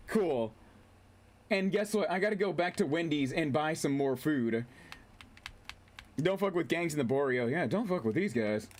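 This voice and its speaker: A man casually commentating his gameplay on a stream, excitable, swearing, laughing and reading chat aloud. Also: a little high, a little hiss or hum.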